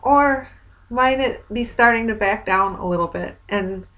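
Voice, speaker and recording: A woman's voice: on the high side, a little slow, a bit bright, highs cut off. A woman recording a casual video diary, rambling in an exasperated, wry way. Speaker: vlogger.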